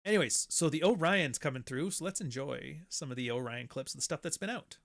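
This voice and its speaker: A man's voice: on the high side, fairly quick, creaky, fairly bright tone. Blunt, sarcastic man ranting. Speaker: podcast host. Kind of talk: casual opinion rant.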